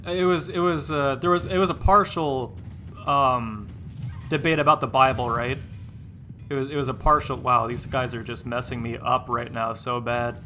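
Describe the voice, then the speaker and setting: A male streamer talks casually over his gameplay with a bright, sharp-edged voice. He rambles, trips over repeated words, and sounds exasperated and dismissive. A faint hiss of noise sits under the voice. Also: mid-range voice, fairly even intonation, normal speed. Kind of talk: casual chat while live-streaming a game.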